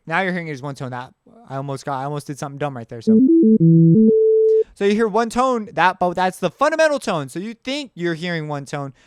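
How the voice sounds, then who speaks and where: A music production teacher walks through sound basics in a casual screen-share tutorial, chatting loosely and thinking aloud as he works. His voice is fairly high, smooth, and a bit bright.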